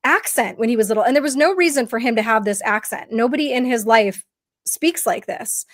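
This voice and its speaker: A woman's voice: a little high, expressive, fairly quick. A woman podcast co-host telling stories in casual conversation, with many fillers and restarts.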